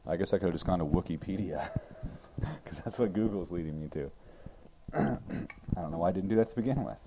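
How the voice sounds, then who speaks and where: A man's voice: deep voice, expressive, brisk, very noisy. A man in casual chat, teasing and arguing in a crude, joking way.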